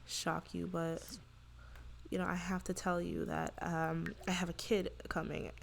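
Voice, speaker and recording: A woman's voice: lowish voice, little pitch movement, measured pace, vocal fry, a little hiss or hum, voice pushed down. A woman voicing a guilty husband who confesses an affair, hesitant and apologetic. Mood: pleading. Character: man confessing an affair, pleading and sorry.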